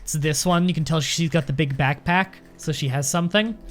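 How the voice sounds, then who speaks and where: A man hosting a let's play, giving casual commentary in a slightly high voice. He chats and rambles as he thinks aloud, restarting sentences as he goes. Faint music plays behind him. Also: a little fast.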